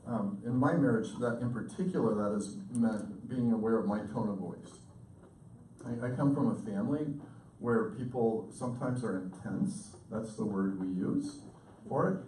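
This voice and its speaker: A man in his fifties, a communication professor, lecturing with lively, intense storytelling and acted-out quotes. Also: on the low side, moderate pace, slight background noise. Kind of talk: lecture to an audience. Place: lecture hall. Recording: echoey hall recorded from far off.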